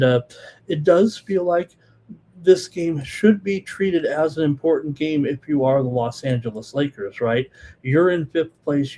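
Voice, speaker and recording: A male sports betting show host giving live analysis, talking fast with many fillers and reading out viewer comments. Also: fairly high pitch, warm tone.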